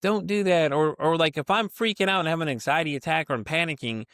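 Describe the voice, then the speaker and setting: A man's voice: fairly high pitch, animated, quick pace, a bit bright, no echo, clean studio sound. A man hosting a podcast interview, talking bluntly and rambling with lots of fillers and the odd curse. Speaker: podcast host. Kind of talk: casual conversational interview.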